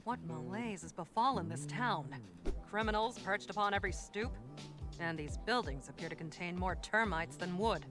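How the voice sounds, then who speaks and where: A woman's voice: on the low side, lively intonation, normal speed, lightly acted. Actress as a prim formal lady officer, lofty and disdainful, cartoon with music behind. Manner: lofty, old-fashioned formal diction.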